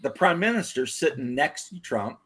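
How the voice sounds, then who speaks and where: A man co-hosting a casual podcast chat with a slightly raised pitch. He tells stories in an animated way, slipping into quoted voices and laughing along the way. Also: moderate pace, husky. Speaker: podcast co-host.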